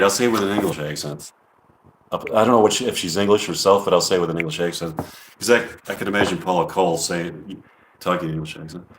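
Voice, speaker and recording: A man hosting a comedy livestream, chatting casually in a quiet, halting way full of ums. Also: sits low. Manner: quiet, halting, filler-heavy musing. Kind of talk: casual rambling chat. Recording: roomy echo.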